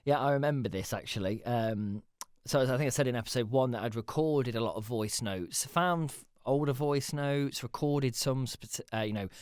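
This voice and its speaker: A man's voice: medium pitch, no echo, clean studio sound. A man hosting a casual solo podcast, rambling and self-deprecating, with the odd swear word. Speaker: podcast host.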